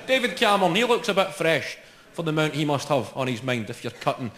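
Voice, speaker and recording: Sweary Scottish stand-up comic. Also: male voice, fairly high pitch, big pitch swings, background noise. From Scotland. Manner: fast, sweary, mocking banter. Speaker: stand-up comedian. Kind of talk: live stand-up comedy. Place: large live venue. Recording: echoey hall with roaring crowd. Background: audience laughter and cheers.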